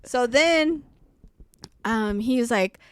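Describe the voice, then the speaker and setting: A woman's voice: a little high, lively intonation, takes it slowly, slight background noise. A young woman, co-hosting a podcast and telling a story in a casual, profane way with frequent laughs. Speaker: podcast co-host. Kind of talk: casual chat.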